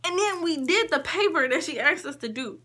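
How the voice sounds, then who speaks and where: A woman vlogger telling a story in a casual, emphatic way, acting out what people said and shifting between quick and drawn-out phrases. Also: high-pitched. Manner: emphatic, animated retelling with quoted dialogue.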